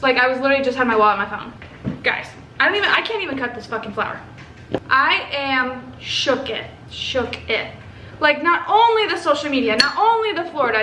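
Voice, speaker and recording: A young woman from Texas telling a story to camera in a casual, animated way, swearing and acting out what others said. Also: high voice. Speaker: vlogger. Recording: echoey room with faint ambient noise.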